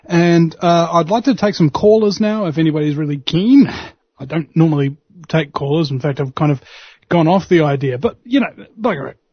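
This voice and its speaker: A man's voice: fairly high pitch, normal speed, breathy edge, dry recording. A male talk radio host rambling through an opinionated monologue, full of fillers and restarts. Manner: opinionated ranting. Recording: slightly muffled radio broadcast.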